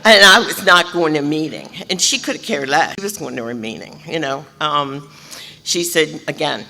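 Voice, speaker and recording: A woman telling her recovery story at a convention, animated, acting out other people's voices and laughing often. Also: sits low, moderate pace, creaky. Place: large convention hall. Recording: reverberant hall, faint room noise.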